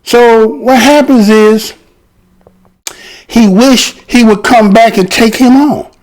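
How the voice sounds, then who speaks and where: A man's voice: very high voice, slow pace, a little mellow, low-quality recording. A man giving casual history commentary, talking conversationally and often checking in with listeners through rhetorical questions.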